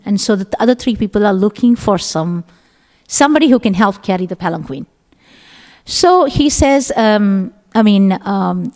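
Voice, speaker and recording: A middle-aged woman giving a scripture class, telling the story in an animated way and acting out the voices of its characters. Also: medium pitch. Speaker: class speaker. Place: temple hall. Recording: long hall reverb.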